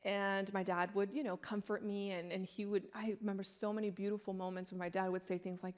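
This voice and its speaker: A woman in her thirties giving a candid, conversational sermon in a church, telling personal stories with animated delivery. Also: mid-range voice, fast talker, few pauses. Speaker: guest speaker. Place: church sanctuary.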